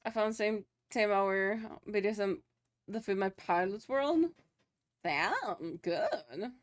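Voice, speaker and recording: A woman's voice: medium pitch, animated, takes it slowly. A young woman streaming live, chatting loosely with her viewers, laughing often and swearing casually.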